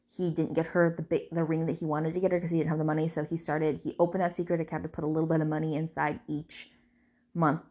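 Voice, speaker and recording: A woman's voice: deep voice, little pitch movement, quick pace, warm tone, muffled recording. A woman hosting a podcast, retelling a novel in a casual, chatty way that rambles, with frequent fillers and restarts. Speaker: podcast host. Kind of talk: casual book recap.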